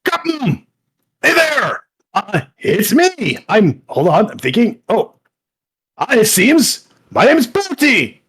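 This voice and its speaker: A man's voice: high voice, wildly swooping pitch, slow pace, a bit bright, slightly rough, voice pushed up, exaggerated voice. A man voicing a cheerful, chatty talking magic ship with a bubbly, exclamatory way of speaking. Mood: excited.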